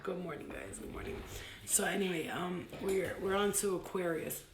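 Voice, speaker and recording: A woman's voice: fairly low pitch, moderate pace, gravelly. A young woman casually teaching astrology in a livestream from her room at home, joking, giggling and swearing freely. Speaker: astrology vlogger. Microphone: phone. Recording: echoey home room with faint noise.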